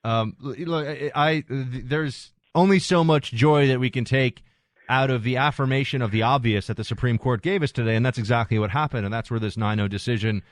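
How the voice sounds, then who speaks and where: A man's voice: medium pitch, a little fast, no echo. Guy hosting talk radio in a dry close-mic studio, joky asides, lots of restarts. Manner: animated, joking asides, frequent restarts. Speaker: radio talk show host. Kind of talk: talk radio monologue and call-in chat.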